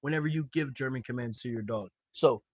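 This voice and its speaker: A man hosting a casual podcast chat about dog training, lively and quick to laugh, often repeating words as he starts a thought. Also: mid-range voice, no echo.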